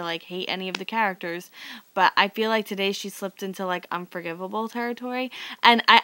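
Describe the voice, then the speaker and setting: Young woman ranting to camera about a soap, bright voice, dry close sound, sarcastic and rambly. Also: mid-range voice, no echo. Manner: exasperated, sarcastic, rambling with many likes. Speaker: vlogger recapping a soap opera. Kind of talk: casual chat to camera.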